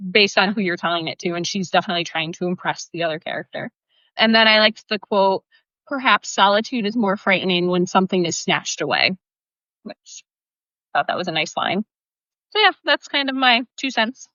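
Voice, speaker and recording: A woman co-hosting a casual book podcast, talking in a chatty, animated way. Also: medium pitch, no echo, dull audio. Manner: chatty, animated, many fillers. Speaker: podcast co-host. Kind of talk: casual chat.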